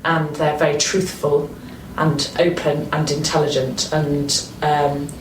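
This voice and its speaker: A Northern English woman, an actress being interviewed, who talks with animated enthusiasm and often restarts her sentences. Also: low voice, slow pace. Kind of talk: casual interview chat. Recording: roomy, distant mic with faint noise.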